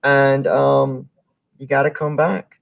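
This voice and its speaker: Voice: medium pitch, flat delivery, takes it slowly, vocal fry, lo-fi sound. A podcast host closing a live show, effusive and encouraging toward the audience.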